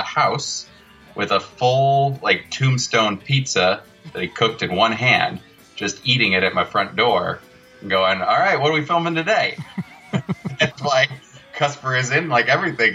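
A man's voice: on the low side, measured pace, pushed and bright, husky, lo-fi sound, faint music behind. A man, a guest filmmaker, telling loose, laughing stories in a casual interview.

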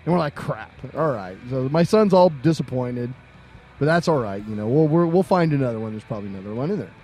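A man's voice: mid-range voice, animated, fast, mellow, soft background music. A middle-aged man co-hosting a podcast, telling a long anecdote in a casual way, acting out the other people's lines and laughing often. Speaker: podcast co-host. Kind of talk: casual storytelling.

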